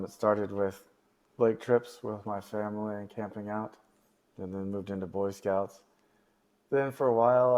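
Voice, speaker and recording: A man co-hosts a casual podcast in a somewhat low voice. He talks in an easygoing, halting way, leaning on ums and you-knows as he goes. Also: darkish tone. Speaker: podcast co-host.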